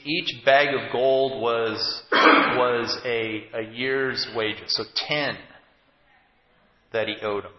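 A man preaching a conversational sermon, reading scripture and breaking off into joking asides and halting restarts. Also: mid-range voice. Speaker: pastor. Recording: echoey hall, dull lo-fi, faint noise.

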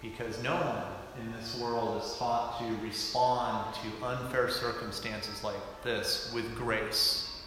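A man preaching a sermon with emphatic delivery that swings from loud to hushed. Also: medium pitch. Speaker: pastor. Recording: echoey hall, faint room noise.

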